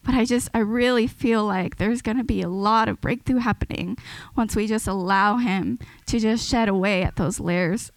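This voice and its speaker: On a dry, rough recording, a woman with a medium-pitched voice at normal speed preaches to a church. Her sermon is earnest and casual, with frequent restarted sentences.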